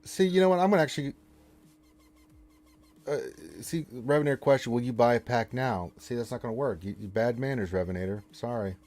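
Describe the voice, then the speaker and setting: A man's voice: medium pitch, a little fast, a little mellow. A man hosting a casual live game stream, reading the chat aloud and teasing viewers with mock-stern playfulness.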